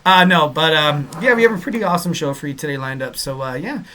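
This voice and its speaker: A man hosts a casual podcast in a bright, forward voice that sits a little high. He rambles cheerfully, leaning on fillers and pet phrases as he goes. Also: fast, slight background noise. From Southern California. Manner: rambling, upbeat, lots of fillers and repeated catchphrases. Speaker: podcast host.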